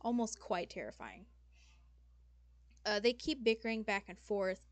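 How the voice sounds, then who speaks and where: A woman's voice: medium pitch, lively intonation, a little slow, no echo. A young woman narrating as game master, rambling with fillers and corrections as she goes.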